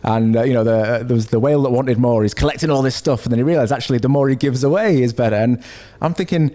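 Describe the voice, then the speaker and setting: A man's voice: mid-range voice, fast talker, mellow. A man hosting a podcast who chats casually and agreeably, often affirming his guest. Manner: agreeable, frequent short affirmations. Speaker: podcast host. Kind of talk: casual conversation.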